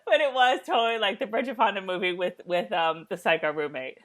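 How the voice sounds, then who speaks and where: A woman's voice: medium pitch, fairly quick, fairly bright tone. A woman co-hosting a casual chat who giggles often, uses lots of fillers and acts out scenes in playful voices. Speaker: podcast co-host.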